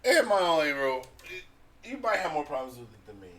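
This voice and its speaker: A man co-hosting a podcast in casual chat, animated and joking, swearing freely. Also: on the high side, fairly quick, recorded from a distance. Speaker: podcast co-host.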